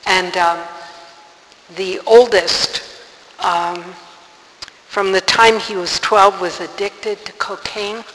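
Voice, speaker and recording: A woman's voice: mid-range voice, fairly even intonation, slow pace, long pauses, fairly bright tone. A woman telling a story as a sermon, earnest and dramatic in her retelling. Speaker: religious speaker. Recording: reverberant hall, faint hiss.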